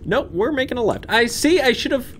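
A man's voice: very high voice, expressive, moderate pace, a little hiss or hum. Jumpy young man playing a horror game. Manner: jumpy, swings from hushed muttering to yelps. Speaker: gaming channel host. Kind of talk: horror game let's play commentary. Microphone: desk microphone.

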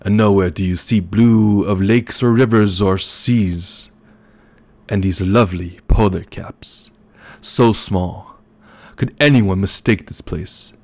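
A man reading an audiobook, voicing a fat, scheming older baron with a rumbling bass voice and a gloating, impatient manner. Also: takes it slowly, a little mellow.

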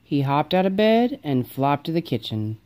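A woman reading a children's picture book aloud, slow and expressive. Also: deep voice. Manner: lively, slow and expressive, doing character voices. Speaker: storybook reader. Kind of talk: children's storybook read-aloud.

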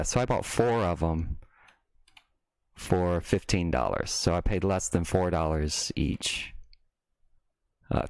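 A man's voice: low voice, darkish tone, no echo. A man hosting a casual live stream, talking in a rambling, self-interrupting way that breaks into mocking rants.

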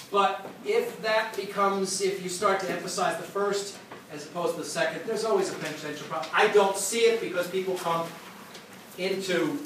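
A man teaching history, lecturing and answering student questions with lively storytelling and frequent restarts. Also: high-pitched. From United States. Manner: animated storyteller, repeats words when starting sentences. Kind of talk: classroom lecture and Q&A. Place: classroom. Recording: echoey classroom recorded from far off with noise.

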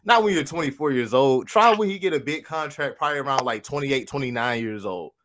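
A man in casual sports-podcast chat, his voice sitting at an ordinary middle pitch. He talks conversationally and often stops to correct himself mid-sentence. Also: expressive, brisk, fairly bright tone. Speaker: podcast co-host.

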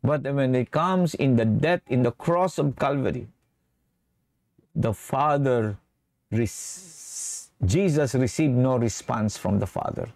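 A man's voice: medium pitch, takes it slowly, darkish tone, no echo. A man preaching a sermon, switching between English and Tagalog mid-sentence and often checking in with the congregation by asking "okay?". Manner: asks the congregation for assent with "okay?".

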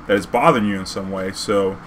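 A man telling a story casually, profane and animated, acting out a heated argument. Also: sits low, fast talker, a little hiss or hum.

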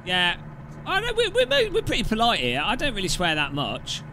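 A man with a high-sitting voice and huge pitch swings talks briskly while live-streaming a game, chatting casually, joking, and swearing now and then. There's a noisy background with clearly audible background music.

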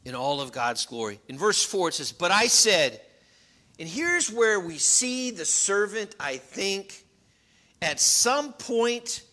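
A middle-aged man preaching a sermon as pastor, earnest, shifting between loud emphasis and quiet, confiding storytelling. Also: high-pitched, sing-song, slow. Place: church.

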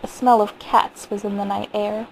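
Gravelly-voiced woman reading a story. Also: mid-range voice, level tone, normal speed, a little hiss or hum, rough recording. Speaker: reader. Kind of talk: reading a short story aloud.

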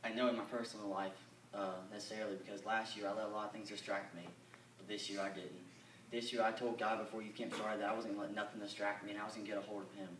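A man's voice: fairly low pitch, little pitch movement, fairly bright tone, slight background noise. Earnest young man in an echoey hall. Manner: earnest, halting, many fillers. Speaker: youth camper giving a testimony. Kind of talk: church testimony. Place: church or camp meeting hall. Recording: echoey hall, mic at a distance.

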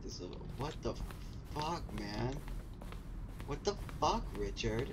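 A young man streaming a game, joking and swearing, with sudden loud outbursts. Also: a little high, animated, slow, noisy background. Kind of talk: casual gameplay commentary.

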